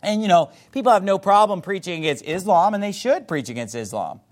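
A man's voice: high-pitched, lively intonation, a little fast. A man preaching a sermon as a pastor, fiery and emphatic, reading scripture aloud in old-fashioned wording.

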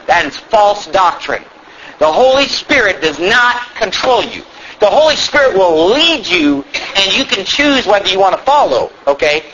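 Male preacher, high bright voice, emphatic, repeats himself, dull recording with faint hiss. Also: sing-song, normal speed. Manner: emphatic, repetitive, rhetorical questions to the congregation. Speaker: pastor. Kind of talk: sermon.

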